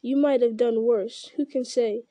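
A woman's voice: a little high, fairly even intonation, measured pace, warm tone, dry recording, natural voice. Woman reading as a sober, earnest ranger. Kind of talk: reading a fantasy novel aloud.

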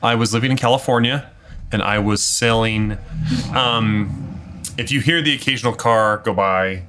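A man's voice: fairly low pitch, normal speed, bright, forceful tone. A man hosting a casual podcast in a room by a street, telling a rambling story with many fillers. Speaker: podcast host. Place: room next to a street window, car noise.

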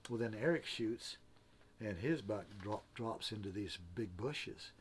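A man's voice: lowish voice, lively intonation, unhurried, a little hiss or hum. A man telling a long personal story in casual conversation, in a plainspoken, earnest way that often stops to repeat and restart his words. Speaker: interview guest.

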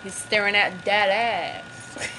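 A woman playing a video game with a cousin, trash-talking loudly and then sulking in a low mumble. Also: steady tone, slow, slight background noise. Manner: loud, swings between yelling and mock-sulky mumbling. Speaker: podcast host playing a game. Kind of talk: casual gaming banter.

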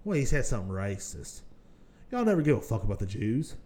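A man hosting a solo podcast, ranting casually and profanely, swinging between low mutters and loud outbursts. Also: big pitch swings, fairly quick, husky. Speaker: podcast host.

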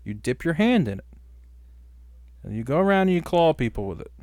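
A man's voice: fairly high pitch, very animated, fairly quick, darkish tone, no room sound, clean studio sound. Teasing, foul-mouthed man on a podcast. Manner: teasing, insistent, swearing often. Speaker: podcast co-host. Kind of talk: crude comedic banter.

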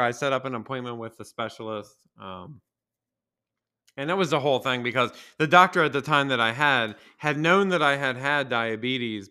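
A man's voice: mid-range voice, sharp tone, clean tone. A man hosting a podcast, telling a rambling, profane, self-mocking story with frequent laughs. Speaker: podcast host. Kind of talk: casual storytelling monologue.

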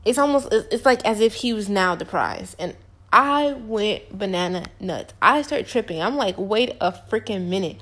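Young woman, casual storytime vlog, slangy, animated, emphatic, mid pitch. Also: normal speed. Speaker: vlogger.

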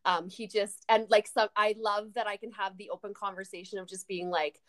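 A woman's voice: medium pitch, fairly quick. A woman guest on a podcast who runs retreats, talking casually and laughing often as she tells stories. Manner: giggly, animated storytelling with frequent laughter.

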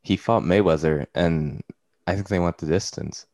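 A teenage boy talking casually as a podcast guest, teasing his friends and quick to react. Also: sits low, a little mellow.

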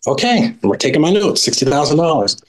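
A middle-aged man telling a story as a podcast guest, with a lively conversational telling full of "like" and "right?". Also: fairly high pitch, fairly quick. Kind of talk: casual storytelling.

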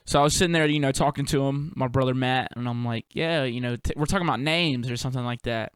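A man's voice: medium pitch, fast, smooth, no echo, clean studio sound. A young man hosting a solo podcast, musing in a loose, profane, laid-back way full of slang and fillers. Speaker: podcast host and touring performer. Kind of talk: rambling solo podcast monologue.

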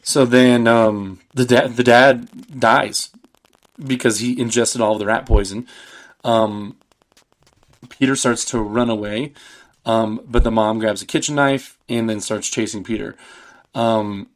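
A man in his thirties casually recapping a film on a podcast, rambling and swearing, acting out the characters' lines. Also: medium pitch. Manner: rambling, swearing, acts out quotes with laughs. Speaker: podcast host.

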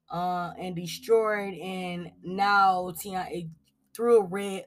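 Chatty woman gossip host. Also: mid-range voice. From Cleveland, Ohio. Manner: chatty, lots of "like" and "um", animated asides. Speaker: celebrity gossip podcast host. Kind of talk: casual gossip commentary.

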